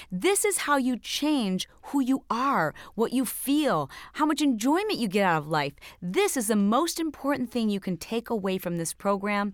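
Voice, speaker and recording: A woman's voice: medium pitch, big pitch swings, a little slow, few pauses, no echo. Emphatic woman fitness coach, dry close sound. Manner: emphatic and direct, speaks straight to the viewer. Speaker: fitness instructor. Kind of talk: scripted motivational coaching talk.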